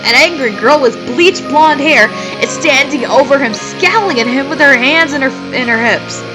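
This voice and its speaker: Guitar music plays in the background as a woman reads fan fiction out loud for comedy, laughing often and pausing to mock it. She has a high-pitched voice at normal speed, captured on a rough recording.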